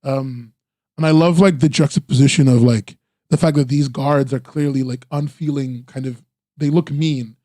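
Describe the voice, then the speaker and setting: A man's voice: medium pitch, fairly even intonation, moderate pace, dark tone, dry recording, clean studio sound. A man casually reviewing webcomics on a stream, rambling with lots of "like" and restarts, eager in his praise. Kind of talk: casual live-stream commentary.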